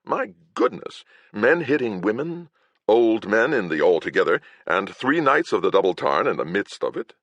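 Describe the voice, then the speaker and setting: A man's voice: fairly low pitch, sing-song, normal speed, vocal fry, a bit bright, no room sound, lo-fi sound, pitched above the performer's own voice, exaggerated voice. A man putting on the voice of a foppish, dainty male noble with an affected, prissy manner.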